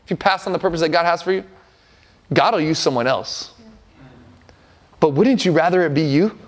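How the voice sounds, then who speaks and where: Speaking at normal speed, a pastor around forty delivers his sermon in a fairly high voice. Earnest and emphatic, he drives his points home with repeated phrases.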